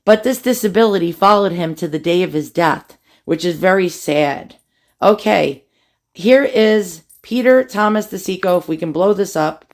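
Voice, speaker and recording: A woman's voice: fairly low pitch, moderate pace. Chatty woman reading family war records. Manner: chatty, asides and jokes while reading records. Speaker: family history video host. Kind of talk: casual documentary narration.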